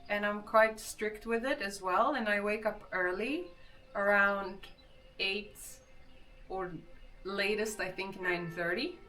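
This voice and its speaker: Young woman streamer, chatty and unhurried, bright tone; distant mic, faint music behind. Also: mid-range voice. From Gothenburg, Sweden. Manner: chatty, reads and answers chat. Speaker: livestreamer. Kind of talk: casual chat with viewers.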